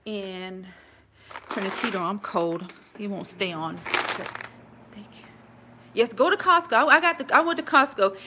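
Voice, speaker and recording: A woman's voice: medium pitch, sharp tone, a little hiss or hum. A woman chatting casually with live viewers from her home, rambling with many restarts. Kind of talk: casual live-stream chat.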